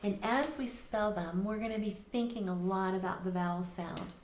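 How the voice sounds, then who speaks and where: In a recorded phonics lesson, a woman teaches reading and patiently spells words out letter by letter. Her voice is medium-pitched and moderately paced, in an echoey room with faint background noise.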